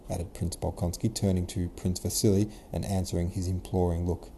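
A man narrates a novel in a relaxed, modern way, now and then correcting himself. His voice is low and mellow with a dark tone. A faint ambience hum sits in the background. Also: normal speed. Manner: casual modern retelling, occasional self-corrections. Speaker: podcast host and audiobook reader. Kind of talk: scripted narration.

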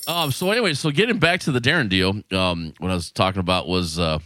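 A man co-hosting a podcast in a small studio, telling stories in a casual, animated way, laughing often and swearing freely. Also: sits low, fast. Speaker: podcast co-host. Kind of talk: casual chat.

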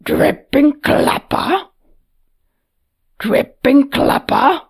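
Gruff blunt storybook man, gravelly and slow, voiced by a woman. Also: very high-pitched, lively intonation, voice pushed up, heavily acted. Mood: baffled.

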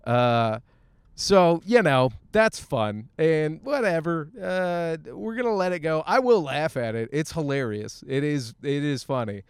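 Animated, profane man hosting a podcast. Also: on the high side, measured pace, clear, resonant tone, no echo. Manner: animated, profane, laughing through his stories. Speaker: podcast host. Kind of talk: solo podcast rant.

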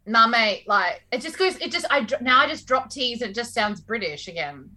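Aussie woman co-host, teasing and playful, bright tense voice, a bit high. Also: sing-song, brisk. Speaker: podcast co-host. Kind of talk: casual chat.

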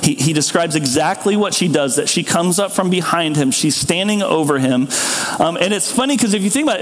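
Animated male pastor in a reverberant hall. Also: high voice, quick pace. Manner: animated storytelling, acts out people's thoughts. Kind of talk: sermon. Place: church hall.

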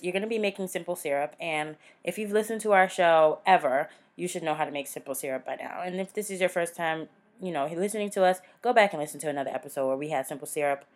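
Laughing Southern woman podcast host. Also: fairly low pitch. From American South. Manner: laughs often, animated, drifts into voiced asides. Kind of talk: casual chat.

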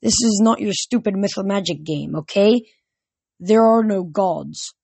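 A frightened orphan girl in her early teens, stubborn and shaky in a storybook reading, as a young man reads her. The voice goes high and insistent, slightly husky, and close and dry. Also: a little slow, a little mellow, dry recording, full character voice. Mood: distressed.

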